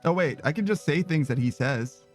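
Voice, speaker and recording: Man, streamer, high voice, casual game commentary, profane, excitable. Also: fairly quick, soft background music. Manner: profane, excitable, laughing asides.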